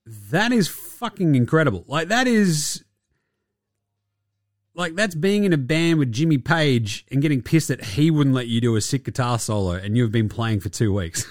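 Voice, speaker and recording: Swearing sarcastic podcast host. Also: male voice, medium pitch, animated, moderate pace, no room sound, clean studio sound. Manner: crude, sarcastic, swears and laughs often. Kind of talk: casual basketball chat.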